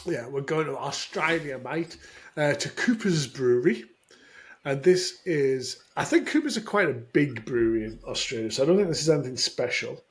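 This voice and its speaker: A man co-hosting a casual podcast chat, rambling and self-deprecating with halting restarts. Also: mid-range voice, expressive. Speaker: podcast co-host.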